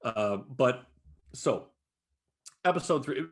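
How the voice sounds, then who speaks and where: A man's voice: mid-range voice, slow pace. A man co-hosting a podcast in casual chat, swearing freely and recapping a series with lots of energy. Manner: profane, animated recapping with frequent laughs. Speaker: podcast co-host.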